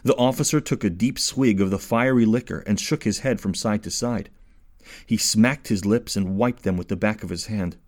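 A man narrating a story in clear, expressive scripted audiobook style. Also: fairly low pitch, normal speed.

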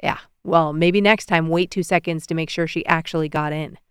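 A woman putting on a curt single dad, his voice dropped low and his words short and cool. the tone is smooth, the sound dry and close. storybook read-aloud. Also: steady tone, normal speed, dry recording, close to an everyday voice. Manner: cool, clipped. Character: curt guarded adult man, cool-toned single dad.

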